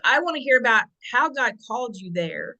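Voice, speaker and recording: A woman's voice: fairly high pitch, big pitch swings, a little fast, rough recording. A woman hosting a faith podcast who eagerly welcomes her guest and asks her to share her story. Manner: eager, warm welcoming questions. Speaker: podcast host. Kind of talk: interview podcast.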